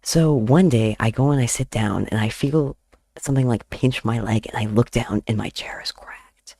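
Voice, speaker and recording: Gravelly young man rambling and giggling. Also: mid-range voice, moderate pace, darkish tone, dry recording, studio quality. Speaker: artist streamer. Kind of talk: casual chat while drawing. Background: faint background music.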